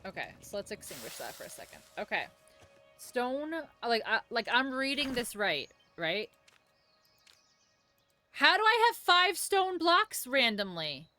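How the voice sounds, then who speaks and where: A woman's voice: on the high side, wildly swooping pitch, measured pace, sharp tone. A woman live-streaming a game, chatting in a rambling, jokey way and swearing casually as she plays. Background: game music.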